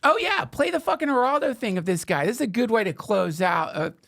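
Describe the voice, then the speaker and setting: Gravelly, lively male podcast host. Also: very high-pitched, brisk. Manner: animated, profane, joking. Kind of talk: casual podcast chat.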